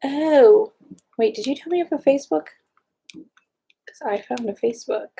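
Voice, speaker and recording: An excitable woman chatting casually, gushing while she browses online. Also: high voice, measured pace, vocal fry, breathy edge. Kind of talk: casual chat.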